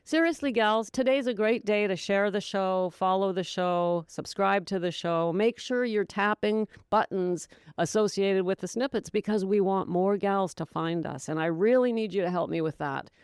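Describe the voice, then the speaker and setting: A woman's voice: medium pitch, normal speed, hardly any pauses, smooth, no echo, clean studio sound. A woman hosting a solo sobriety podcast, talking in a chatty, encouraging way and laughing often. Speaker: podcast host and sobriety coach. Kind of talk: casual solo podcast talk.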